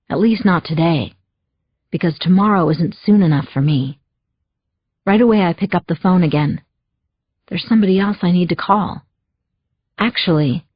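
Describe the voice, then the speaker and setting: A woman narrating a first-person thriller audiobook in a measured, wry inner-monologue voice. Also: mid-range voice, breathy edge, dry recording. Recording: dull lo-fi dry audio.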